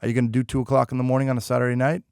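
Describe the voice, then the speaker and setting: Gravelly-voiced man hosting a podcast. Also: mid-range voice, level tone, racing, darkish tone, no echo, clean studio sound. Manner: affirming, short backchannels and earnest riffs. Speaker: podcast host. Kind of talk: casual interview chat.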